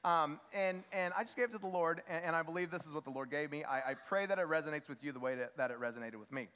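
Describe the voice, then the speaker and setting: A high-voiced man shares a personal story with a church congregation. He speaks earnestly, stumbling and repeating words as he goes. His voice rings with a long reverb from the sanctuary. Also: quick pace, a bit bright, clear, resonant tone.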